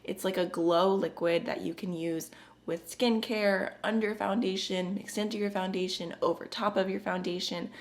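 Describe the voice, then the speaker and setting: A woman beauty vlogger chatting casually to camera, her voice raspy and hoarse from a chest infection, chatty and upbeat. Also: mid-range voice, fairly even intonation, normal speed.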